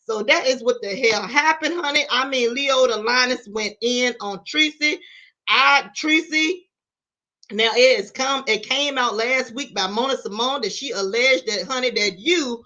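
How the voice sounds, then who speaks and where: Sassy high-voiced woman streamer. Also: measured pace, sharp tone, highs cut off. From Virginia, US. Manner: sassy, blunt, calls viewers "y'all" and "honey"; swears freely, dramatic retelling. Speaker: YouTube commentary host. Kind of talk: live-stream gossip commentary.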